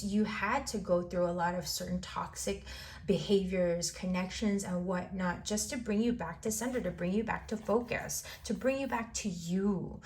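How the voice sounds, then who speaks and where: A woman giving a tarot reading to the viewer, encouraging and rambling, often repeating phrases. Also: medium pitch. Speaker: tarot reader.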